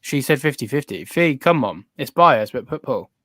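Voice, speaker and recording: A man's voice: mid-range voice, animated, normal speed, fairly bright tone, no room sound. Podcast co-host guy, cocky and mock-outraged, swears constantly, dry close sound. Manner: boastful, playfully indignant, swears a lot. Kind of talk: casual chat.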